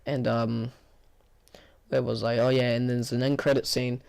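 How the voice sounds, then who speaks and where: Hoarse, tired man rambling through a review. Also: mid-range voice, moderate pace. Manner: rambling, full of fillers and restarts; flat, bored-sounding delivery. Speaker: movie reviewer. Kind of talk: casual spoken movie review.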